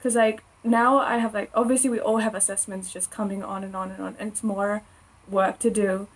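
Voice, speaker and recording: Chatty young Australian woman, faintly husky. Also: mid-range voice, flat delivery, brisk, rough recording. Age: young adult. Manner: chatty, laughs often, personal storytelling. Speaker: podcast co-host. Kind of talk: casual faith chat.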